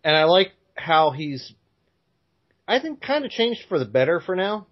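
A man co-hosting a podcast in casual chat, easygoing and measured, often hedging his opinions. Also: a little high, sing-song. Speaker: podcast co-host. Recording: dull lo-fi sound.

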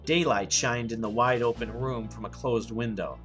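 A man narrating an action story in a steady reading voice. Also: mid-range voice, normal speed, faint music behind.

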